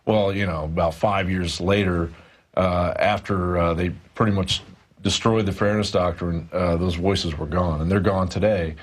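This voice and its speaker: A man's voice: deep voice, steady tone, moderate pace. A male reporter talking through a studio news discussion, rambling and hesitant with many fillers.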